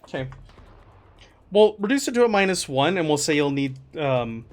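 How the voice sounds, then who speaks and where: A man runs a tabletop game as game master, narrating scenes in a fairly high voice. He talks loosely, with plenty of ums and likes. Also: moderate pace, faint music behind. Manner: relaxed, filler-heavy descriptions.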